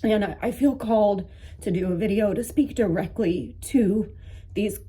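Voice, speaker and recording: A woman speaks in a halting, emotional monologue, stopping and restarting often. Her voice is husky and mellow, with a dark tone. She sounds close to tears throughout. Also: mid-range voice. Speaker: vlogger, coaching. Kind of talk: personal monologue to camera.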